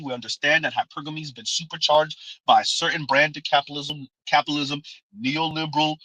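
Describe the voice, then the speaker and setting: A man's voice: fairly high pitch, bright, forceful tone, no room sound, poor audio. A man giving sarcastic, preachy livestream commentary, reading super chats and often tossing in "Huh?" and "Right?". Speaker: commentary streamer. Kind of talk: livestream commentary reacting to clips.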